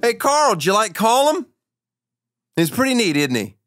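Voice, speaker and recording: A man's voice: high-pitched, big pitch swings, normal speed, over music. A man hosting a comedy talk show, joking and telling stories in a wry, offhand way. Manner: joking, wry, storytelling asides. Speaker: show host. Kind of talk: casual comedic interview and monologue.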